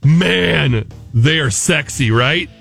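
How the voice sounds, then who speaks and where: A man's voice: a little high, slow, creaky, fairly bright tone, faint music behind. A man hosting a comedic morning radio show, jokey and goofy, with an American accent.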